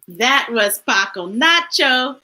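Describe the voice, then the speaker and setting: A woman reading a children's picture book aloud in an expressive, sing-song narration style. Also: on the high side, slow, poor audio. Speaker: storytime reader. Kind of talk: children's story read-aloud.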